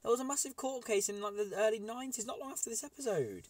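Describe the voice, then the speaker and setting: A man's voice: extremely high pitch, fast talker. A man co-hosting a casual podcast, arguing his opinions animatedly and repeating words as he goes. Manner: animated, argues his point with repeated likes. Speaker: podcast co-host. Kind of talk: casual chat, opinionated discussion.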